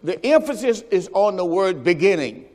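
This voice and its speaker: Man preaching a sermon, call-and-response, high animated voice, long hall reverb. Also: normal speed. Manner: call-and-response preaching, has the congregation repeat phrases. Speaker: pastor. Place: church service.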